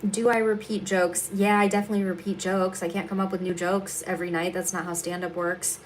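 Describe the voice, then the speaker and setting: A woman's voice: lowish voice, level tone, brisk, a little hiss or hum. Blunt, profane woman comedian livestreaming. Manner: talks while doing her makeup. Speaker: stand-up comedian hosting a livestream. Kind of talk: casual livestream chat answering viewers.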